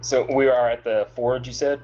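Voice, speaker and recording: A man's voice: medium pitch, steady tone, normal speed, a little mellow. Man playing a tabletop game, lo-fi sound. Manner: describes his own character's actions. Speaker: player. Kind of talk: in-character tabletop role-play.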